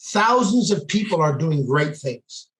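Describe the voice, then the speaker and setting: A man's voice: on the high side, very animated, unhurried, fairly bright tone. Intense storytelling man, echoey room. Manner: intense, quotes dialogue as he tells it. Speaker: podcast guest, police sergeant. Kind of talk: casual storytelling.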